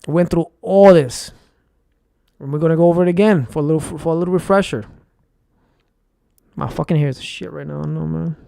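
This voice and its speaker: A young New York vlogger delivers a heated, profane, rambling conspiracy rant to his viewers. His voice is on the high side, creaky and mellow, with clean studio sound and no echo.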